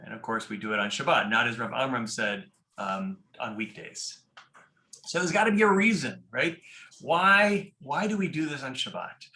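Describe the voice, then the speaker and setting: A man's voice: mid-range voice, moderate pace, pushed and bright, roomy sound. A man teaching a class on a prayer book, explaining step by step and often checking in with "right?". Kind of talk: informal class lecture.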